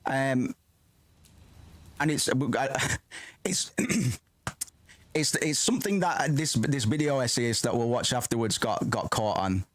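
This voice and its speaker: A man's voice: medium pitch, takes it slowly, pauses often. A man streaming a film reaction in casual, rambling commentary, swearing freely and breaking off his own sentences. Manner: rambling, excitable, swears often, self-interrupting.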